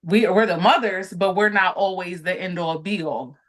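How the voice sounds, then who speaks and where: A woman in her late thirties, a podcast guest, talking candidly and reflectively in relaxed conversation. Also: on the low side, normal speed. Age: 30s.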